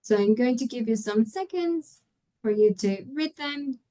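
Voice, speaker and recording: A woman whose first language is Spanish teaches pronunciation in a webinar, speaking slowly and with care. Her voice sits fairly high. She models example words one by one and keeps checking in with the listener. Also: expressive, mellow, low-quality recording. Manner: patient explaining, models example words aloud, frequent tag questions. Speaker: English teacher trainer. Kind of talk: webinar lecture.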